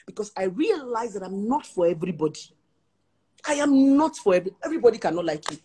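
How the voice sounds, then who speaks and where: A woman's voice: mid-range voice, big pitch swings, quick pace, mellow, husky. A young Nigerian woman, a relationship therapist, telling stories in casual talk, laughing often and slipping into pidgin.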